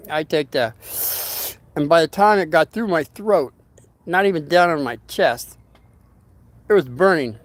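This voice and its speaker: A man's voice: a little high, no room sound. An older man hosting a casual storytelling livestream, rambling in a folksy way and greeting viewers by name as he reads their comments.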